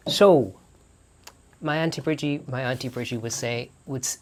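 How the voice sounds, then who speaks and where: A man's voice: medium pitch, normal speed. A man vlogging in a small barn studio, telling stories casually with lots of restarts and self-corrections. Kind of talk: casual storytelling to camera.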